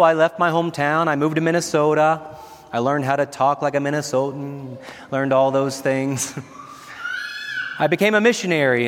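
Man, 40s, priest, homily, earnest, chuckles often, slightly high voice, long church reverb. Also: slight background noise. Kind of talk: homily at Mass. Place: large church.

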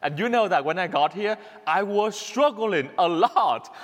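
A man's voice: high voice, expressive, unhurried. A man from Vietnam with a Vietnamese accent, a priest giving a homily in an earnest, repetitive way, laughing at himself now and then. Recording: long reverb of a church hall.

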